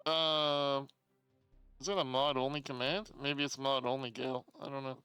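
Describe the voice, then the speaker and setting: Bright, crisp-voiced male streamer. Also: medium pitch, fairly even intonation, measured pace, no room sound, soft background music, poor audio. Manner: chatty, swearing, reads chat aloud. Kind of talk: casual live-stream chat. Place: home streaming room.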